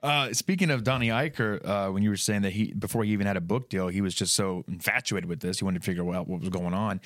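A man's voice: fairly low pitch, fast talker, fairly bright tone, dry recording, clean studio sound. A man co-hosting a casual podcast chat, talking hesitantly with frequent "uh" fillers. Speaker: podcast co-host.

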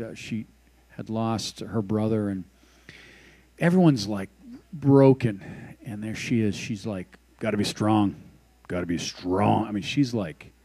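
Male pastor, relaxed conversational sermon delivery, warm dark tone, mid pitch. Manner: conversational, with prayer and scripture reading. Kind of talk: casual devotional sermon.

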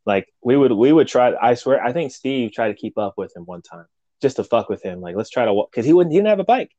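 A man telling loud, profane stories from his military years in a casual chat, laughing often. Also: mid-range voice, expressive, fairly quick, no echo, highs cut off.

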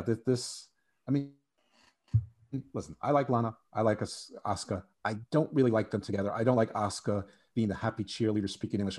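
A man guesting on a wrestling podcast, giving animated, opinionated takes and often repeating words as he starts a thought. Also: on the low side. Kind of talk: casual wrestling opinion chat.

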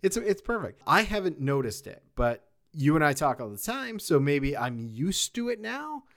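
Male podcast co-host, slightly high voice, animated and laughing, casual chat. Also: moderate pace.

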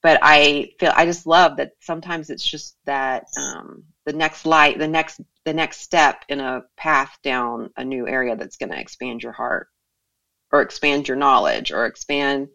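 Gravelly woman musing on spirit. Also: rumbling low, unhurried. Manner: warm, reflective, many fillers. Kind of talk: casual spiritual chat.

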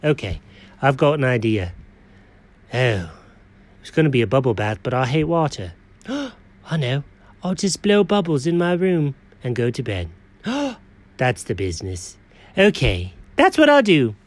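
A performer voicing an excitable, chatty male house cat who frets aloud and bursts into dramatic outcries, in a one-person comedic audio story. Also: medium pitch, unhurried, pauses often, voice pushed down. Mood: scheming. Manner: talks to himself, frets, dramatic outbursts.

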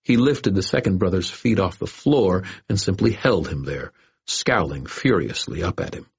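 Deep, husky male narrator; steady, wry first-person reading. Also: moderate pace. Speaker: audiobook narrator. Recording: dull lo-fi audio.

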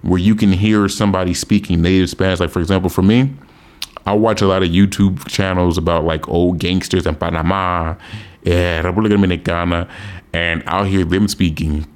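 A man giving casual, profane advice to his viewers, animated and emphatic, often repeating himself. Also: low voice, a little fast. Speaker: language learning vlogger. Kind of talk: casual advice monologue to camera.

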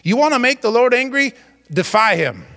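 A man's voice: very high-pitched, very animated, moderate pace, sharp tone, big-room sound. A man preaching a sermon as pastor, emphatic and exclamatory.

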